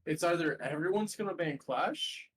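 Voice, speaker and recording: A man with a fairly high voice chats while gaming. He talks through team strategy in a relaxed, offhand way. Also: normal speed, a little hiss or hum, low-quality recording. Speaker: teammate in a game. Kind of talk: casual chat while gaming.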